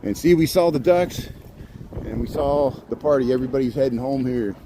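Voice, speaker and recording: A man's voice: brisk, mellow, a little hiss or hum. A man chatting casually to his viewers as he walks the streets at night, talking into a handheld phone. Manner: chatty, greets dogs in a high baby voice, laughs often. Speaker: walking livestream vlogger. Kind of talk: casual street chat while walking. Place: outdoors on city streets at night.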